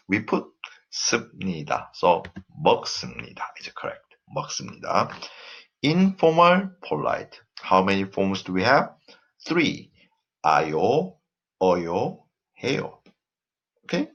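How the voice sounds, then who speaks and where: A low, husky male voice with a Korean accent, explaining grammar in a recorded lesson. His pitch rises and falls a lot as he repeats example sentences and fills pauses with "uh." The audio is dull and lo-fi. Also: a bit bright. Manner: explains slowly with frequent fillers, repeats example phrases. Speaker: Korean language teacher.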